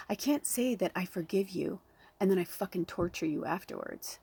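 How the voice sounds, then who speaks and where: A woman's voice: fairly low pitch, moderate pace, vocal fry, darkish tone, slightly rough. A woman speaking as a spiritual medium, earnest and heartfelt, blunt and swearing freely, close to tears. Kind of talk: emotional direct-to-camera talk.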